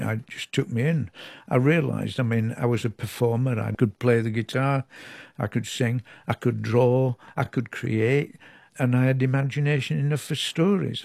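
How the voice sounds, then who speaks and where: An older man from England, a storyteller, chatting as an interview guest in a chatty, animated way that often restarts sentences. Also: mid-range voice, creaky, slightly rough, no room sound, clean studio sound. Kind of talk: reflective interview.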